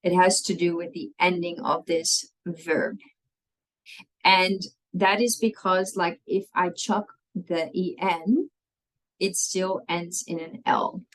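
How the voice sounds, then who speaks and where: A woman's voice: lowish voice, steady tone, slow pace, poor audio. A woman, teaching a language lesson and patiently walking through spelling rules step by step, often checking in with "okay?".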